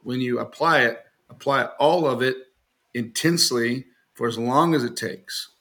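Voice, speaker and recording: Casting: man, bright and forceful tone, mid-range pitch, casual podcast guest who tells joking stories and laughs often. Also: normal speed. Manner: acts out quoted people in raised voice. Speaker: knifemaker guest.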